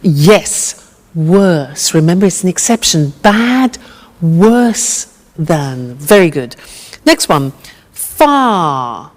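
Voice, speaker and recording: A woman teacher leads a slow, deliberate grammar drill in a lowish voice. She is patient and encouraging, and her words ring in a roomy hall. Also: sing-song. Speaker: English teacher.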